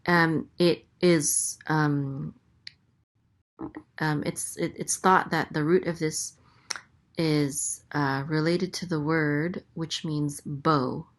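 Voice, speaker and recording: A woman teaching a casual Biblical Hebrew reading lesson, explaining slowly with many pauses and fillers. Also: low voice, fairly even intonation. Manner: slow and explanatory, with many fillers and self-corrections.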